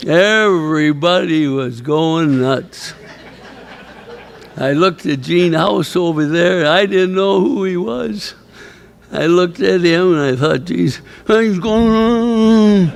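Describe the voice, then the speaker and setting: A man's voice: on the high side, slow pace, creaky. An older man, a retired coach, telling a rambling, chuckling story at a ceremony. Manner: rambling anecdotal storyteller, chuckling, quoting others. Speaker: former coach and inductee. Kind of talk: storytelling speech at an awards ceremony. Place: banquet hall at a ceremony.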